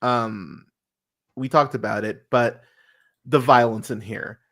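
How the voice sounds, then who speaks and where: A man hosting a casual podcast review chat, excitable and quick to swear, acting out lines as he retells scenes. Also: medium pitch. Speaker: podcast host.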